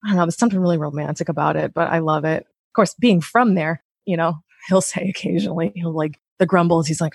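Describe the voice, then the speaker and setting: A woman in her thirties, a podcast guest, talking in a chatty, animated way with lots of "like.". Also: fairly low pitch, fast talker, vocal fry, hardly any pauses, breathy edge, dry recording, clean studio sound. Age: 30s. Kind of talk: casual interview chat. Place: Maui, Hawaii.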